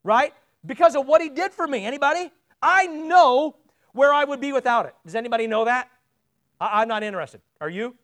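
A man's voice: extremely high pitch, expressive, a little fast, a bit bright. A man preaching a sermon in a church, talking casually and asking the congregation questions, often repeating words as he presses a point.

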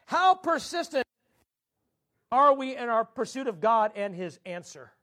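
A man preaching a sermon, emphatic, drawing out scripture quotes slowly and swinging his pitch up and down. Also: lively intonation, sharp tone. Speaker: pastor.

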